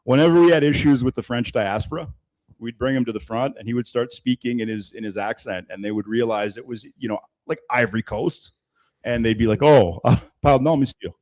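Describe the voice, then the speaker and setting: A man hosting a casual podcast, telling stories in a loose, animated way. His voice sits at a middle pitch. He laughs and swears easily. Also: brisk, rough recording. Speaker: podcast host. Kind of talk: casual storytelling chat. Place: Toronto.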